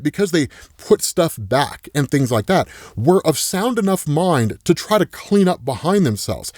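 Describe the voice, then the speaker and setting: An excitable man recaps a comic story in a casual way, his pitch bouncing all over the place. His voice sits a little high. The recording is dry and close. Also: dry recording. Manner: excitable, peppers speech with "right?". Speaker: comics explainer YouTuber.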